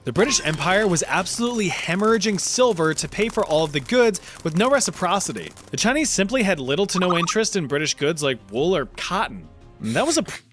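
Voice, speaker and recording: A man's voice: high-pitched, very animated, fast talker, fairly bright tone, soft background music. A man narrating a history video in a scripted, wry, jokey storytelling manner.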